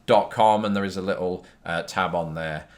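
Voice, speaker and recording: A British man hosts a casual YouTube vlog answering viewer questions, recorded on a phone. His voice is low with fairly even intonation at a moderate pace, and he rambles, mocks himself, and uses lots of fillers.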